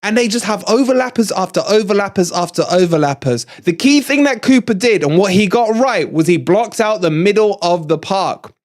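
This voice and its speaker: A middle-aged English man hosting a live fan-channel match review, excitable and gloating, out of breath, chatting with his viewers. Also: sits high, moderate pace, hardly any pauses.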